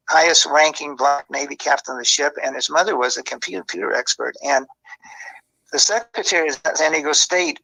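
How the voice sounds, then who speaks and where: A man's voice: a little high, gravelly, bright, forceful tone, poor audio. A man being interviewed, recalling his scouting days in a rambling, self-correcting way. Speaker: former football scout and guest. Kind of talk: interview reminiscing.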